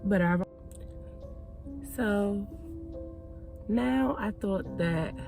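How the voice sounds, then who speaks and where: A woman's voice: mid-range voice, very slow, vocal fry. A woman hosting a video, casually telling a story to her viewers and chatting with them as "y'all". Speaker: video host. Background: music.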